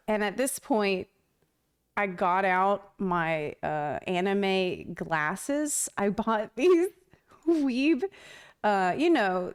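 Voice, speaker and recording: Slow-talking woman streamer telling a story. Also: mid-range voice, clear, resonant tone. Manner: animated retelling with frequent laughter and casual swearing; acts out her own quoted lines in lifted voices. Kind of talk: casual livestream storytelling.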